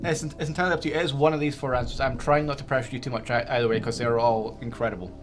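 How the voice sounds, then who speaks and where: A man's voice: mid-range voice, steady tone, very fast, soft background music. A man hosting a quiz game on a livestream, teasing and jokey, stumbling over his words as he talks. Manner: teasing and jokey, with many stammered restarts. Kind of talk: playful casual quiz hosting.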